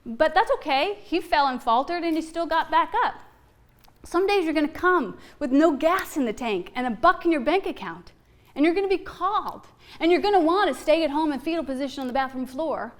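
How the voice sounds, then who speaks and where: A woman's voice: sits high, animated, a little fast. A middle-aged woman giving a heartfelt inspirational Easter talk, earnest and laughing often, repeating phrases for emphasis.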